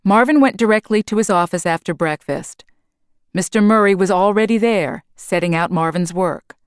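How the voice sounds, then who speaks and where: A woman's voice: mid-range voice, clear, resonant tone, no echo, studio quality. A woman, a teacher, reading a children's storybook aloud in a careful way. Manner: slow, careful read-aloud.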